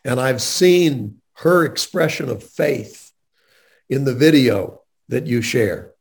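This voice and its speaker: A man's voice: medium pitch, expressive, slow pace. A man interviewing a guest in a faith-based conversation, speaking in an earnest, emphatic way.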